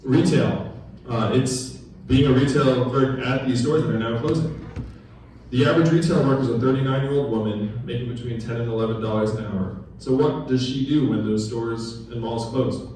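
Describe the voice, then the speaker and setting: A man's voice: mid-range voice, moderate pace, dark tone, distant mic, a little hiss or hum. A man addresses a crowd at a town hall in a loose, conversational way, throwing questions at the listeners. He is heard from well across a very echoey room, with a faint murmur of the space behind him. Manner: conversational, quizzes the audience. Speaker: political candidate. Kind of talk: town hall campaign speech. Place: large echoey room at a political gathering. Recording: very echoey room recorded from afar.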